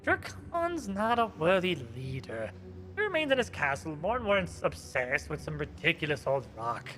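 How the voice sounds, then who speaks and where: A man voicing a scheming, condescending male vampire lord in a low, menacing voice with reverb on it. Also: big pitch swings, pushed and bright. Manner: slow, cool and condescending.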